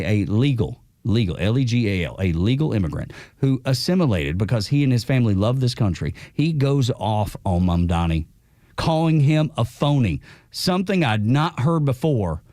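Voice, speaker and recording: A man co-hosting a morning radio show, talking in an animated, opinionated way. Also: mid-range voice, no room sound, studio quality. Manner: animated, opinionated, repeats himself. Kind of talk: casual radio banter. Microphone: studio mic.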